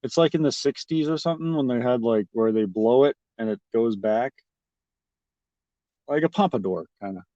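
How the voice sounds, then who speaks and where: A man's voice: mid-range voice, moderate pace, mellow, no echo. A man talking casually to his livestream chat, rambling and mocking with lots of swearing. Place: at a restaurant. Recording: dry, slightly dull audio.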